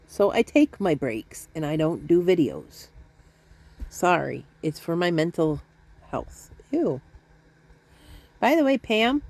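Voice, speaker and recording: A woman's voice: on the low side, darkish tone. A middle-aged woman talking to her viewers from home in a rambling, chatty, self-deprecating way. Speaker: vlogger. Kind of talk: casual chat to camera. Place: at home, indoors.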